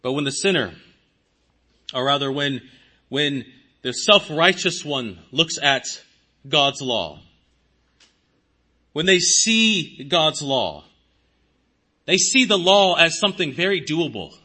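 A man preaching a sermon as pastor, swinging his pitch and volume for emphasis and acting out imagined speakers. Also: sing-song, takes it slowly, pauses often, pushed and bright.

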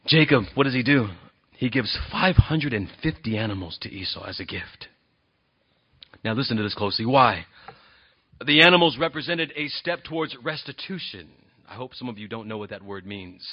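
A man preaching a sermon as pastor, earnest, moving between quiet and emphatic delivery. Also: mid-range voice, lively intonation, moderate pace. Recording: dull lo-fi sound.

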